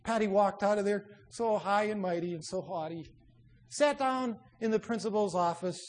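A man preaching a sermon in an emphatic, exhorting way, often dropping low and soft to drive a point home. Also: normal speed, a little hiss or hum.

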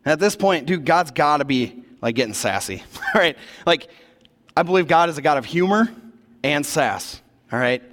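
Casual preacher in an echoing hall. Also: male voice, fairly high pitch, moderate pace. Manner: casual, animated retelling of scripture, slangy asides. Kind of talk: sermon. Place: church. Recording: long reverb of a large hall.

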